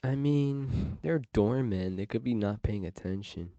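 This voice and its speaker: A man with a low, gravelly voice that drags along slowly, muttering casual reactions as he watches something on stream. His tone is dark and mellow, and the sound is dry and close. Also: no room sound, dull audio. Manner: mumbled offhand asides while watching. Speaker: livestream host.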